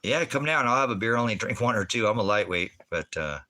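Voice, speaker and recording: A man with a fairly low voice and a bright, forceful edge, ranting to his livestream chat from indoors at his farm. He rambles from point to point, swears freely and fires questions straight at his viewers. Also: expressive, a little fast. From Oregon, USA. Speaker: livestreaming vlogger. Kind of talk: casual livestream rant.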